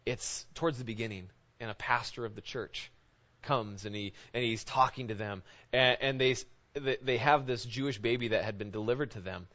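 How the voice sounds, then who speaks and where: A man's voice: medium pitch, moderate pace, fairly bright tone. A man, a pastor, giving an informal, conversational sermon, often checking in with his listeners by asking "right?". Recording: dull lo-fi recording.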